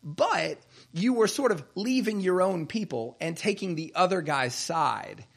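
A man's voice: high-pitched, expressive, a little slow, vocal fry. A middle-aged male pastor preaching a sermon in a conversational way, tossing in rhetorical asides to the congregation.

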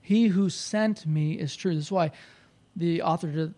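Man, pastor, sermon, high pitch, animated, conversational. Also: unhurried. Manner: animated, rising loud when quoting the crowd; conversational, with restarts.

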